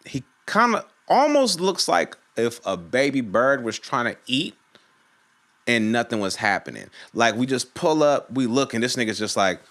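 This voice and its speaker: A man's voice: mid-range voice, big pitch swings, normal speed, fairly bright tone. A man from Virginia telling a casual, profane story on his channel and acting out the people in it. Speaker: storytime YouTuber.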